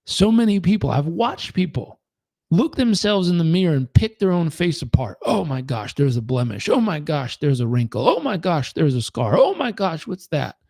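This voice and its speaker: A man's voice: on the high side, creaky, dark tone, dry recording, studio quality. A man giving a motivational talk as a performance coach, emphatic and full of rhetorical questions.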